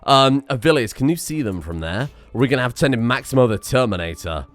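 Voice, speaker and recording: Excitable man narrating a strategy game. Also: mid-range voice, fast, no room sound. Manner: excitable, swings from mutters to shouts. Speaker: gameplay commentator. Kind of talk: let's play commentary.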